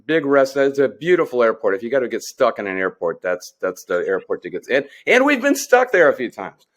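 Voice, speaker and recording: A man's voice: medium pitch, very animated, fairly quick. A man co-hosting a sports podcast in casual chat, telling stories in a rambling way with frequent restarts. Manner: rambling storyteller with many restarts.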